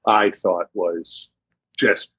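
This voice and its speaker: A man's voice: sits low, steady tone, drawn-out words, fairly bright tone, husky, muffled recording. A middle-aged man from Massachusetts with a Boston accent, telling stories in a casual podcast chat. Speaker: guest actor.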